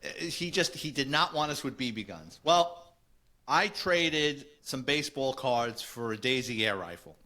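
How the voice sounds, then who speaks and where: Bright-voiced New York podcast host. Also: male voice, medium pitch, animated, a little slow. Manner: chatty, recalls shared memories. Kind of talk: casual conversation.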